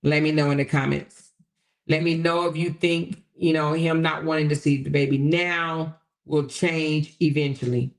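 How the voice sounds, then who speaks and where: Gravelly-voiced woman chatting with her stream. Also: sits low, fairly even intonation, normal speed. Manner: chatty, addresses viewers directly, reads comments aloud; blunt and colloquial. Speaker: livestream host. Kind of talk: casual livestream commentary.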